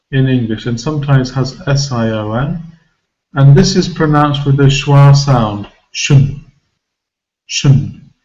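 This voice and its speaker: A man with a mid-range, slightly mellow voice teaches English pronunciation to a class, explaining slowly and patiently. He repeats example words and poses questions to the learners, and the sound is lo-fi.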